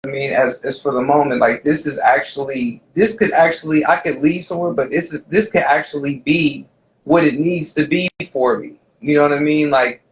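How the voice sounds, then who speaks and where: A man's voice: on the high side, fairly even intonation, moderate pace. Rambling man on a lo-fi podcast mic. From USA. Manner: rambling, restarts a lot, fills with "you know what I mean". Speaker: podcast co-host. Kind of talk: casual chat.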